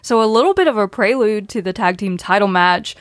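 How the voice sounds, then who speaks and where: A woman's voice: medium pitch, expressive, brisk, dry recording, studio quality. A woman hosting a podcast, running through match results in a casual way and laughing often. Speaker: podcast host.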